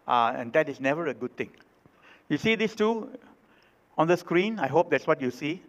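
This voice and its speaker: A man's voice: a little high, animated, normal speed. A male pastor preaching a sermon, emphatic and repeating his key phrases. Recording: reverberant hall, dull sound.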